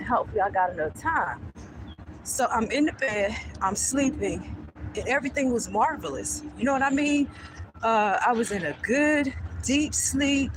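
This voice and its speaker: A vlogger strolls outdoors on a street, talking into her phone in a somewhat high voice as she vents a story. Blunt and lively, she swears without restraint while traffic hums faintly behind her.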